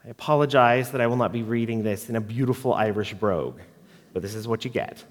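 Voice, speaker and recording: A man giving a sermon and reading a poem aloud, in a slow, reflective and expressive way, in a church. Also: medium pitch. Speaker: preacher. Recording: long reverb of a large hall.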